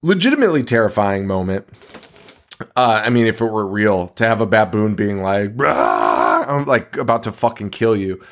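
Podcast co-host, male, lowish voice, profane and laughing, acts out characters' lines in a casual recap. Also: very animated, normal speed. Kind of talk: casual movie recap chat.

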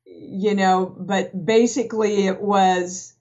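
A woman's voice: medium pitch, steady tone, slow, darkish tone. A woman, a guest actress in a candid podcast conversation, talking frankly and acting out remembered dialogue. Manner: frank storyteller, acts out quoted dialogue. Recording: dull lo-fi podcast audio.

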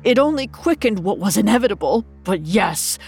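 A woman voicing a gentle, tormented doctor who speaks in a pleading, desperate way. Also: medium pitch, animated, moderate pace, breathy edge, faint music behind. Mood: anguished.

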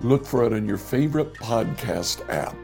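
A man hosting a devotional podcast, giving a slow, relaxed sign-off. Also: medium pitch, creaky. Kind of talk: podcast outro. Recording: voice over music.

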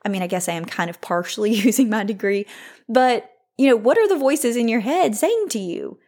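A woman's voice: fairly high pitch, expressive, fairly quick, darkish tone. A woman in her thirties hosting a faith-based podcast, talking in a candid, reflective way with frequent "like" fillers. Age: 30s. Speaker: podcast host.

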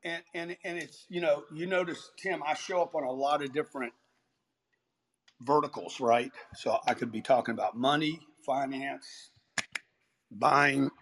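A man's voice: mid-range voice, unhurried, fairly bright tone, a little hiss or hum. A man chatting casually in an online audio room, brash and blunt, and swearing freely. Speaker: guest.

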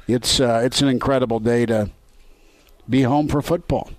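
A man's voice: medium pitch, fairly even intonation, normal speed, no echo, low-quality recording. A man hosting a sports radio show from his home kitchen, talking in a jovial, rambling way with many restarts. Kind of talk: casual sports radio chat.

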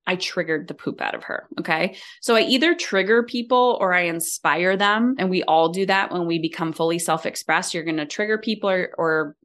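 A woman's voice: fairly low pitch, fairly quick, few pauses. A middle-aged woman, a leadership coach, talking as a podcast guest and acting out quoted lines as she tells stories. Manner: animated storytelling, acts out quoted lines. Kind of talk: conversational interview.

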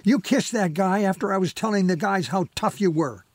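A man's voice: high voice, normal speed, darkish tone, no room sound, pitched above the performer's own voice. A man voicing a sulky, embarrassed young boy in a read-aloud story.

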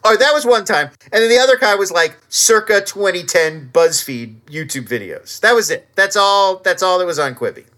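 Animated, bright-voiced male podcast co-host. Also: high voice, moderate pace, few pauses. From Pennsylvania. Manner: animated, sarcastic, swears freely. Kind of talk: casual chat.

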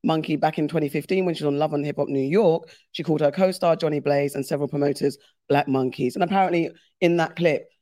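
Male co-host, fast delivery, dry close mic. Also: on the high side, fairly even intonation, mellow, no echo. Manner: quick, reads out story summaries. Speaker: podcast co-host reading the news. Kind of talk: casual chat.

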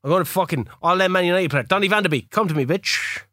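A man co-hosting a casual podcast, excitable and profane, cracking jokes. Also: sits high, fast, no room sound, clean studio sound. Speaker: podcast co-host. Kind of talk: casual chat.

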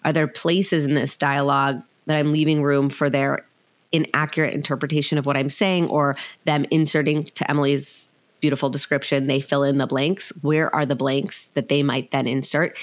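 A woman hosting a parenting podcast, talking thoughtfully and sometimes searching for words. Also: low-pitched. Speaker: podcast host. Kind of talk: conversational parenting discussion.

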